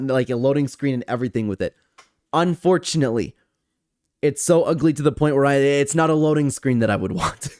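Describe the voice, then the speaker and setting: A man's voice: medium pitch, a little mellow, no room sound, clean studio sound. Chatty young man ranking game screens. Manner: enthusiastic, chatty, addresses viewers as guys. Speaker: gaming commentator. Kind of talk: casual tier-list commentary.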